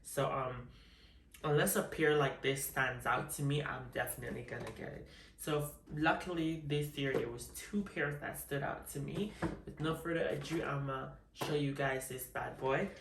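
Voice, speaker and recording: A woman's voice: a bass voice, normal speed, echoey room, recorded from a distance, noisy background. A woman chatting casually in an unboxing vlog, sassy and flamboyant, calling her viewers honey. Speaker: vlogger.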